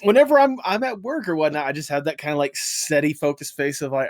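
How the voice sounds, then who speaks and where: A man with a slightly raised pitch talks in a loose, rambling way, leaning on fillers. The recording is close and very dry. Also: fast talker, no room sound. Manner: rambling, filler-heavy storytelling. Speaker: podcast co-host. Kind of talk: casual chat.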